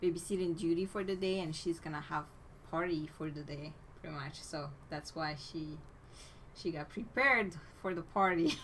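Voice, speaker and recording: Low-pitched woman casually recapping a movie. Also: normal speed, slight background noise. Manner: relaxed, laughs often, narrates the plot step by step. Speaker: podcast co-host.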